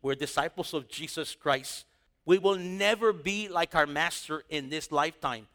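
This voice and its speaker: A man's voice: fairly high pitch, moderate pace, a bit bright. A man preaching a sermon in a conversational style, asking the congregation rhetorical questions. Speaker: pastor.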